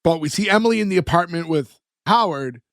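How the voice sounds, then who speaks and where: High-voiced man recapping a sitcom. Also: brisk, no room sound, studio quality. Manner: animated storyteller, acts out quotes, laughs often. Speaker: podcast co-host. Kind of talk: casual chat recapping a sitcom episode.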